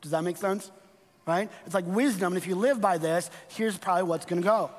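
A man's voice: sits high, brisk. A middle-aged male pastor preaching a conversational sermon, telling stories and checking in with the congregation with frequent asides. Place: church sanctuary. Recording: long reverb of a church hall.

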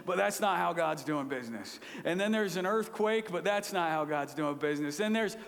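A man preaching a sermon, retelling a scripture story with dramatic shifts between pleading outbursts and hushed whispers. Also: a little high, lively intonation, normal speed, vocal fry. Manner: dramatic retelling, acting out voices with loud pleas and hushed whispers. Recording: long hall reverb.

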